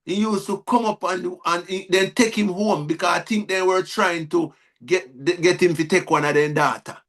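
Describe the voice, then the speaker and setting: A Jamaican man speaks with a high voice for a man as he tells his life story in an interview. His speech loops back on itself, with words repeated and phrases restarted. He slips into Patois when he retells conversations. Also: fairly even intonation, moderate pace, a bit bright. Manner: repetitive, restarts words, acts out quoted dialogue in Jamaican Patois. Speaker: guest, reggae artist.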